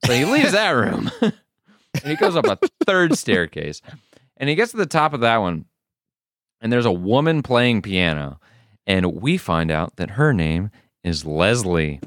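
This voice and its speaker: A man's voice: fairly low pitch, sing-song, a little slow, a bit bright, dry recording, studio quality. A man co-hosting a podcast, recapping a show in a rambling, profane way with many fillers. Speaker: podcast co-host. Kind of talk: casual recap chat.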